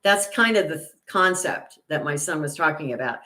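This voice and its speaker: A woman's voice: lively intonation, moderate pace. An older woman hosting a casual livestream, chatty and rambling with many restarts and fillers. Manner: indignant, gets loud and high when retelling an argument. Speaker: channel host.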